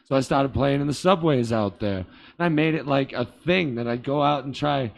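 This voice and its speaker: In a small theater, a Boston man appearing as a comedian guest tells stories casually, wandering off into frequent asides. His voice is mid-range and creaky, at a normal speed.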